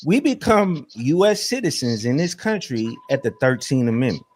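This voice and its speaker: A man on a debate call, who talks loudly and emotionally and defends what he said. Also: mid-range voice, big pitch swings, moderate pace. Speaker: caller. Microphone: online group call.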